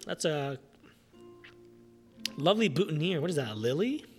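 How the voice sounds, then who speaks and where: A man's voice: on the high side, very animated, normal speed, faint music behind. A man hosting a podcast, giving casual, sarcastic running commentary on a film and laughing often. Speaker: podcast host. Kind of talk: casual watch-along movie commentary.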